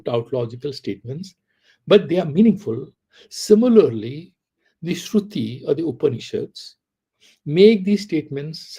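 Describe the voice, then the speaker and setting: A man's voice: a little high, very animated, moderate pace, dark tone, slightly rough. A man teaching a philosophy class, reciting Sanskrit verses and asking rhetorical questions. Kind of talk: class lecture.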